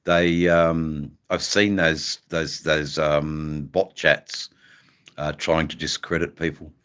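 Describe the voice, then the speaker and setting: With a bass voice that barely moves in pitch, a middle-aged Australian man rambles through a casual livestream chat with viewers, saying um and mate a lot. He's slow-paced, a bit bright, and cleanly recorded, with an Australian accent.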